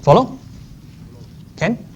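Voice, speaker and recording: A man's voice: very slow, a little hiss or hum. A man lecturing a maths class. He often checks in with the class and repeats key phrases. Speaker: maths teacher.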